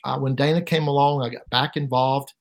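A middle-aged man giving an emotional personal testimony as an interview guest, halting and repeating words, his voice rising sharply at painful moments. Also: mid-range voice, steady tone. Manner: halting, repeats words, voice rises sharply when reliving pain.

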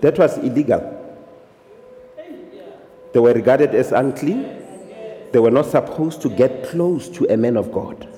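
A man's voice: medium pitch, expressive, a little slow, long pauses, warm tone. A man preaching a sermon as pastor, switching between English and local languages and punctuating his points with amens. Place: church hall. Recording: echoey hall.

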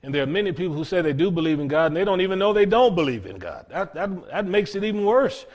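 A man preaching a sermon in an earnest, emphatic way, with dramatic pauses and repeated words. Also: high-pitched, very animated, a little mellow.

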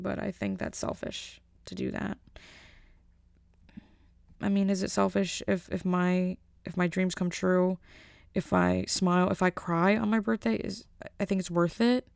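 Young woman, rambling and jokey, gravelly voice, dry close sound. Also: mid-range voice, darkish tone, no room sound. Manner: rambling, self-interrupting, jokey. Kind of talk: comedic monologue.

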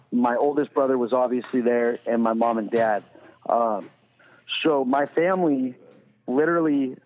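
A man telling a story in a casual, profane, rambling way as a podcast guest, full of "you know". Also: mid-range voice. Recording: tinny phone-like sound with long reverb.

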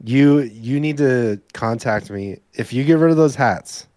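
A man's voice: mid-range voice, measured pace, a little mellow, dry recording, studio quality. A man co-hosting a casual podcast, teasing his partner and swearing bluntly. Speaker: co-host.

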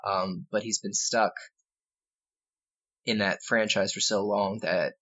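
A man's voice: lowish voice, fairly even intonation, drawn-out words, long pauses, fairly bright tone. A man co-hosting a casual video game podcast, enthusiastic and rambling with fillers and asides. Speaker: podcast co-host. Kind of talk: casual game discussion chat. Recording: slightly dull lo-fi recording.

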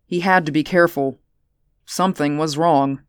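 A woman narrating a story aloud in a measured audiobook reading. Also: sits low, fairly even intonation, smooth, no room sound, studio quality. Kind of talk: audiobook narration of science fiction.

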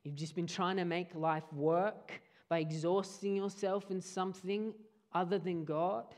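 A man preaching a sermon, earnest, often dropping his voice low for emphasis. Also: a little mellow.

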